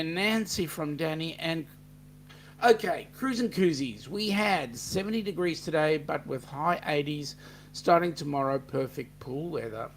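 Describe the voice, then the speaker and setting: Australian male host, unhurried joking chat, faint hiss. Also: on the high side, a bit bright. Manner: joking, chatty, reads viewer comments aloud. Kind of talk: casual livestream chat reading comments.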